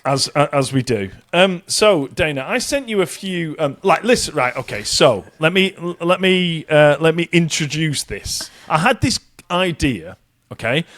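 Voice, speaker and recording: A man's voice: a little high, expressive, unhurried, fairly bright tone, no room sound. A man from the UK co-hosting a podcast, bantering casually and laughing often. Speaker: podcast co-host.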